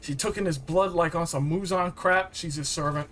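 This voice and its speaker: High, bright-voiced excitable young man. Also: moderate pace. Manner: excitable, rambling, slangy retelling with many fillers. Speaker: game reviewer. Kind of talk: casual storytelling recap.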